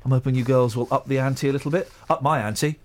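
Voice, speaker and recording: A man's voice: medium pitch, steady tone, quick pace. A man hosting a radio show podcast, bantering and teasing his colleagues in a cheeky, self-mocking way from the studio. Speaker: radio presenter.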